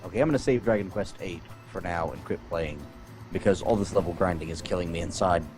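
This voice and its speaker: A man's voice: low-pitched, fast, over music. A man co-hosting a casual gaming podcast, rambling through wry descriptions and tangents. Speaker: podcast co-host.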